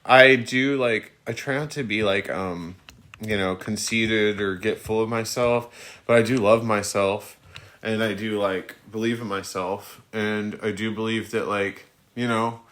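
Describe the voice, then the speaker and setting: Thirties man, bright tense tone, chatty livestream host, laughs a lot, talks into his phone. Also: fairly low pitch, fairly even intonation, a little slow. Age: 30s. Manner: chatty, laughs often, lots of fillers. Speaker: livestream host answering questions. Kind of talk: casual rambling chat.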